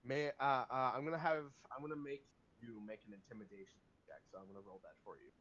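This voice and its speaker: Male game master, halting narration, dull lo-fi sound. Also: medium pitch, expressive, a bit bright, a little hiss or hum. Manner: hesitant, many fillers. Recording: dull lo-fi recording.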